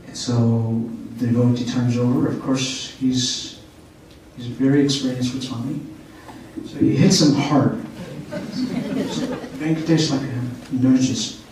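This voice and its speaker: In the meeting hall of a spiritual center, a man shares a spiritual story with a gathering, pausing now and then to check in with his audience. His medium-pitched, slightly mellow voice moves slowly. The echoey hall makes him sound distant, with a little background noise.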